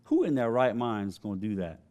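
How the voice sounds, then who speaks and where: A man's voice: fairly low pitch, sing-song, brisk, darkish tone. A man preaching a sermon as pastor, telling stories conversationally and laughing often.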